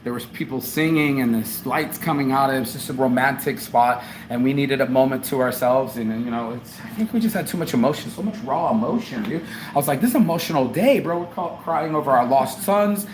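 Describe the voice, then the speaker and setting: A man's voice: mid-range voice, fairly quick, background noise. A middle-aged man ranting in a casual travel vlog, slangy and profane, laughing often as he talks. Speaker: vlogger.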